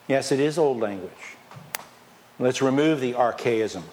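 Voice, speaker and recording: A man preaching a sermon as pastor, lively and conversational, firing questions at the congregation and dropping from loud emphasis to near whispers. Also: mid-range voice, normal speed, a little hiss or hum. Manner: animated, questions the congregation, swings from loud to quiet; playfully mocks excuses in a whiny put-on voice.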